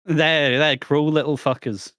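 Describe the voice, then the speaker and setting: A man's voice: a little high, steady tone, unhurried, a bit bright, no room sound. A man co-hosting a casual podcast, blunt and sweary with dry jokes. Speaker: podcast co-host. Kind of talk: casual chat.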